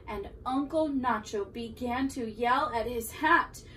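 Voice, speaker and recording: A woman teacher reading a children's picture book aloud with expressive storytelling, recorded from a distance with faint room noise. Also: on the high side, measured pace, hardly any pauses. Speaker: preschool teacher.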